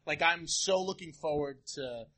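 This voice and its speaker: A man's voice: a little high, normal speed, bright, forceful tone. A man on a live podcast, joking and breaking down hockey lines in casual chat. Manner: joking, analytical about hockey. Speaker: podcast co-host.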